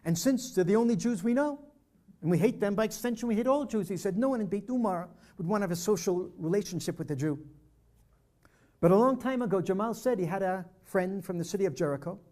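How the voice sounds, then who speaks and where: A man's voice: high voice, animated, fast, a little mellow. An older man giving a personal storytelling talk at a church presentation, vividly acting out the dialogue he recounts. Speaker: speaker at a peace dialogue presentation.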